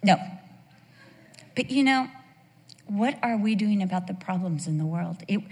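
A woman teaching a Bible sermon to a women's group, conversational and animated, telling stories with rhetorical questions. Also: medium pitch, a little slow, long reverb tail.

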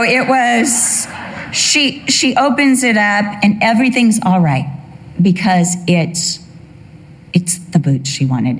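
An older woman telling a humorous personal story that turns into a sermon, acting out the voices she quotes. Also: on the low side. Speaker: speaker giving a testimony.

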